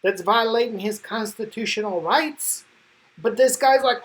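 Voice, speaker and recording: A woman's voice: a little high, fairly even intonation, a little slow, rough recording. A woman giving casual, enthusiastic commentary as a comic book reviewer, slangy and full of fillers.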